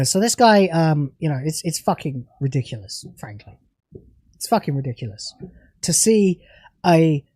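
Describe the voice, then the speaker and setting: Young British man, fairly high voice, profane furious ranting, livestream review host, dry close sound. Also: darkish tone, dry recording. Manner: profane, furious ranting that later cools to casual chat. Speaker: TV show reviewer.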